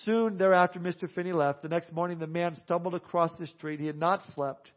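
A man's voice: fairly high pitch, steady tone. Earnest male pastor, lo-fi recording. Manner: earnest, emphatic, slowing on key phrases. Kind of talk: sermon with altar call and prayer. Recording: dull lo-fi sound.

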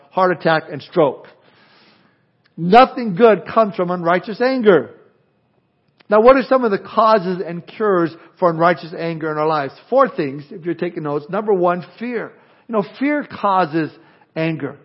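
A pastor preaching a sermon with animated delivery, acting out imagined people's objections. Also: male voice, fairly high pitch, lo-fi sound. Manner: animated, acts out imagined speakers.

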